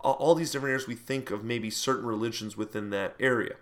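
A man lecturing to a class in a relaxed, conversational manner. He wanders through fillers and side comments as he explains. His voice sits at an ordinary middle pitch. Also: fast talker. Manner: puts on mock voices for quoted speech. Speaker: teacher.

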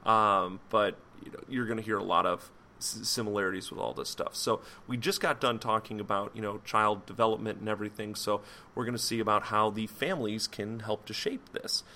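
A man's voice: on the low side, fairly even intonation, a little fast, sharp tone, slight background noise. Rambling casual male podcast host. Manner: rambling, loose, with many fillers and self-corrections; jokey asides, mock French accent on foreign words. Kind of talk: casual solo podcast lecture.

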